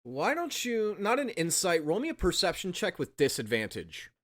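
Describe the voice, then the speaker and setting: A man's voice: sits high, huge pitch swings, moderate pace, fairly bright tone, no echo, clean studio sound. A man narrating a tabletop game as game master, describing scenes with frequent ums and restarts.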